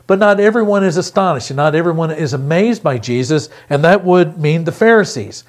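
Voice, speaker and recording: Earnest pastor man with a higher voice. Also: expressive. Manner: earnest, emphatic, repeats key phrases slowly. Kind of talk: pre-recorded sermon.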